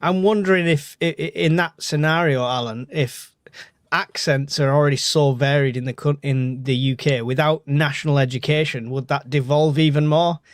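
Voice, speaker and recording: A man with a strong Liverpool Scouse accent and a slightly high voice, joking and teasing in casual podcast talk. He stammers into his sentences. His voice is recorded dry and close. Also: fairly even intonation, moderate pace, no room sound. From Liverpool, England.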